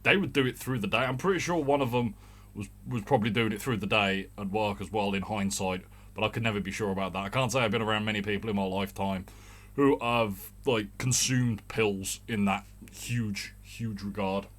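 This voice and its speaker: A man's voice: fairly low pitch, brisk, fairly bright tone. A man in his thirties with a mild Birmingham accent, rambling casually through a solo rant as the show's host. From Birmingham, England. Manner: rambling, chatty, swearing. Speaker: podcast host.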